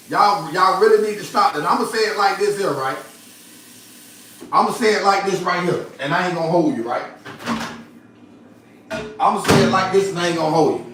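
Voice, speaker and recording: A man's voice: sits high, sharp tone, a little hiss or hum. A man hosting his own livestream, ranting heatedly in loose slangy speech and repeating himself. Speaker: livestream host. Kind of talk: casual livestream rant.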